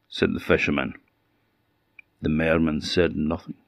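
A man with an Orkney Scottish accent telling a folk tale with animated delivery and dramatic pauses. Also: sits low, no echo, clean studio sound. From Orkney, Scotland. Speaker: storyteller.

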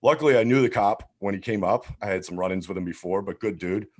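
A man's voice: fairly low pitch, fast talker. A man telling a wild story in casual chat, swearing freely and acting out what people said. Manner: animated, swears constantly, acts out quotes.

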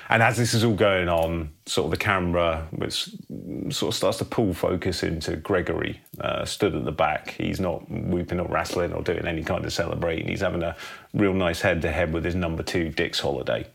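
Male podcast host, very low husky gravelly voice, laid-back storyteller. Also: steady tone, fairly quick, fairly bright tone. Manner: laid-back, peppers lines with "man". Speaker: podcast co-host pitching a film. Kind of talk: casual film pitch narration.

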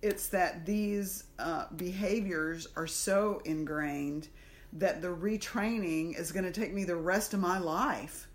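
Southern woman, lowish voice, storytelling. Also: slow. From American South. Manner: lively storyteller acting out inner voices. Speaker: podcast co-host. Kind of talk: casual podcast conversation.

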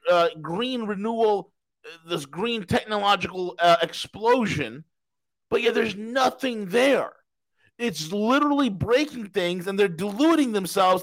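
A man co-hosting a casual political podcast, talking in an animated, mocking way and ranting with scorn. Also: high voice, low-quality recording. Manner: animated, mocking, puts on comic accents. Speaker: podcast co-host.

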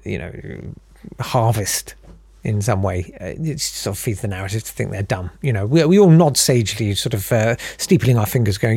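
A man's voice: medium pitch, animated, a little fast, vocal fry, dark tone, husky, no echo, clean studio sound. A man hosting a comic monologue, rambling with sarcastic asides and frequent self-interruptions. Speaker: comedian host.

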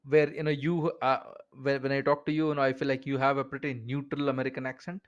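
A man's voice: mid-range voice, flat delivery, quick pace, highs cut off. A man with an Indian English accent hosting a casual podcast interview, chatty and full of "you know" fillers. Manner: chatty, frequent "you know" fillers, laughs between points. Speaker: podcast host.

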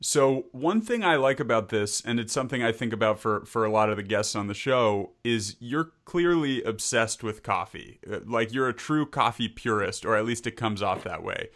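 A man's voice: medium pitch, animated, moderate pace, hardly any pauses, a bit bright. A man hosting a podcast interview, upbeat and conversational with some fillers. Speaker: podcast host.

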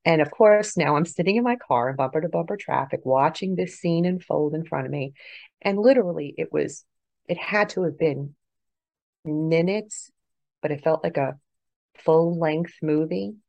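A middle-aged woman with a low, gravelly voice tells a personal story as a podcast guest. She shifts from hushed, earnest passages to bursts of excitement. The sound is dry and close. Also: moderate pace, dry recording. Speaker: guest, author and paranormal investigator.

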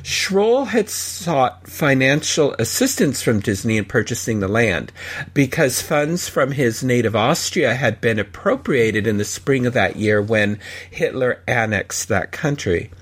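A man's voice: unhurried, husky. A man hosting a podcast, chatting casually and reading cartoon credits and history. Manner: chatty, reads credits and trivia, lively pitch. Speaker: podcast host.

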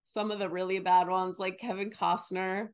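Animated woman acting out quotes. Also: mid-range voice, normal speed, smooth. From northern United States. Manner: animated, acts out quotes in exaggerated voices, swears casually. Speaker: podcast co-host. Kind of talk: casual chat.

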